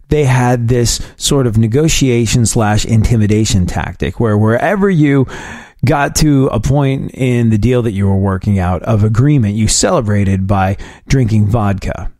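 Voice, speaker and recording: A man hosting a radio-style talk show, telling long family anecdotes in a casual, animated way. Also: no room sound, clean studio sound. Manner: animated anecdote-telling, quotes his dad in a lower voice. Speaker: host. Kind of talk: casual storytelling chat.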